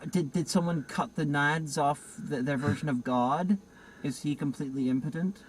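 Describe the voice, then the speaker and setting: A man's voice: fairly high pitch, moderate pace, slight background noise, low-quality recording. Rambling sardonic male film critic. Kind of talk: casual film review chat.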